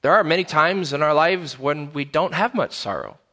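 A man's voice: fairly high pitch, moderate pace, sharp tone. A man, a pastor, preaching a sermon in a conversational way, repeating key phrases for emphasis.

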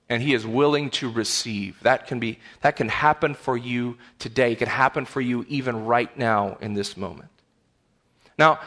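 A man's voice: medium pitch, fairly bright tone. A pastor preaching an earnest, emphatic sermon in a church, often repeating words as he builds a point. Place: church sanctuary.

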